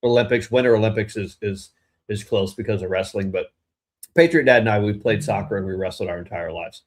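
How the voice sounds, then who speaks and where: This podcast co-host has a lowish voice and talks a little fast. In easygoing political chat, he wanders, voices firm views, and often breaks off to begin his sentences again.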